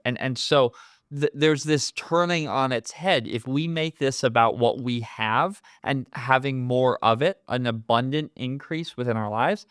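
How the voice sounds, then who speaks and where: A man's voice: mid-range voice, fairly bright tone, smooth, no echo, studio quality. A man leading a conversational Bible study, earnest and explanatory, often repeating words as he works out a thought.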